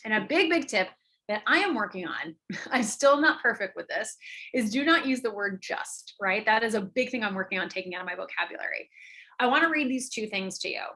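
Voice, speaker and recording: Bright-voiced, emphatic woman coach. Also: mid-range voice, a little fast. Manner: emphatic, energetic, tag questions. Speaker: online business coach. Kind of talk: live coaching training.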